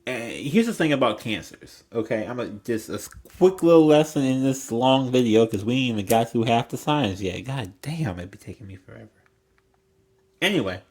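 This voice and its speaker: A man's voice: mid-range voice, lively intonation, moderate pace, darkish tone. A young man giving a casual tarot reading, rambling and blunt, swearing freely and filling his talk with "like". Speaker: tarot reader.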